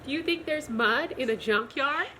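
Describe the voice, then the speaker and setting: A woman reading a children's picture book aloud in a gentle, expressive storytime manner. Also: high-pitched, normal speed, slight background noise, rough recording. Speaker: storytime reader.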